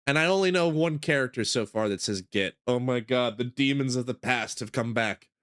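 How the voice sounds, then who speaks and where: A man's voice: mid-range voice, a little fast, fairly bright tone, clean tone. A man streaming a game playthrough, chatting playfully and rambling with his viewers. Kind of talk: casual game playthrough with read-aloud.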